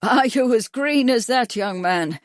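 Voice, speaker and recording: Woman putting on a deaf grumpy old doctor, loud and snappy, kinda high. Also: expressive, unhurried, no room sound, studio quality. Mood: gossiping. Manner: loud, sharp, scolding. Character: deaf, gruff elderly male racing doctor.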